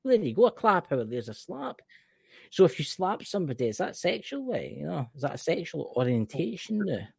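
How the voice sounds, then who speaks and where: His voice is a little high and brisk, creaky with a breathy edge, recorded without room sound. He's a Scottish podcast co-host in a casual, animated conversation, exclaiming often and restarting a lot.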